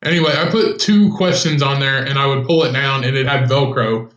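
A man's voice: mid-range voice, a little fast, a bit bright, lo-fi sound. A man co-hosting a casual podcast, chiming in with wisecracks and swearing. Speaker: podcast co-host. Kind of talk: casual chat. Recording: echoey room.

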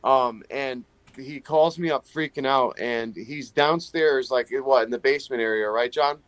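Excitable man hosting a podcast. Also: medium pitch, moderate pace, no room sound. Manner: excitable, loose, lots of fillers. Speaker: podcast host. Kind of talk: casual chat.

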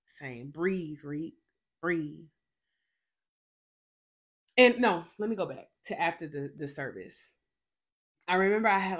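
A woman's voice: sits low, a bit bright. A young adult woman hosting a faith show, telling a personal testimony in an emphatic storytelling way, full of repeated fillers and restarts. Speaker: faith podcast host.

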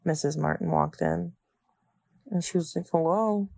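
Low, gravelly-voiced woman recounting memories. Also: flat delivery, moderate pace, a little mellow, no echo, clean studio sound. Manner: chatty, many "like" fillers. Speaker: interviewee.

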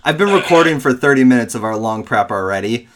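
A man's voice: medium pitch, expressive, quick pace, fairly bright tone, slight background noise. A young man hosting a laid-back podcast among friends. He talks in an upbeat, rambling way, often poking fun at himself, with a mid-range voice. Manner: upbeat, rambling, self-deprecating. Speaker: podcast host. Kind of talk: casual chat.

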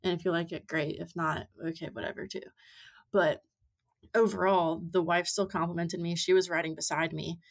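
A young woman in her twenties with a fairly low voice tells long stories as a podcast guest. She talks casually and chattily, with many likes and ums along the way. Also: flat delivery, normal speed. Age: 20s. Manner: chatty storytelling with many fillers. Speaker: podcast guest, amateur rider. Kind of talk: casual interview chat.

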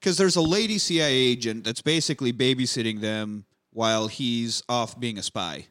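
A man's voice: medium pitch, normal speed, a bit bright. A man hosting a podcast, casually recapping a film with rambling jokes and swearing. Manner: rambling, joking, profane. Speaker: podcast host reviewing a film.

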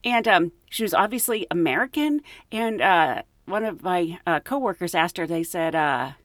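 Giggly, animated woman podcast host. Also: fairly low pitch, moderate pace, dry recording, clean studio sound. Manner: animated, giggly, acts out quoted voices. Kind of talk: casual storytelling.

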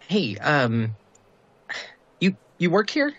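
A man puts on a shy young girl, raising his voice high for her. She stammers and trails off, nervous and hesitant. The audio is muffled and dull. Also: huge pitch swings, very slow, a bit bright, full character voice. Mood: timid, flustered. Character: timid, overwhelmed young girl.

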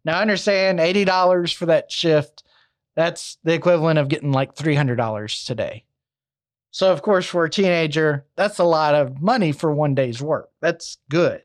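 A man's voice: on the high side, normal speed. A man casually narrating a true crime story, chatty with asides and fillers. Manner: conversational, many fillers and asides.

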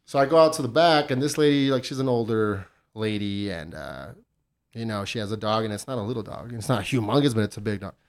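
A man's voice: fairly low pitch, a little fast. A man telling a story in casual podcast chat, swearing freely and acting out what people said. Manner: animated, swears a lot, acts out quotes.

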